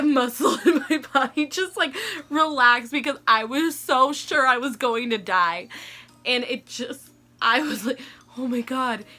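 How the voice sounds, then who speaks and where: Young woman vlogger, high bright voice, chatty and animated, lots of "like", quick laughs. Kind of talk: casual storytelling.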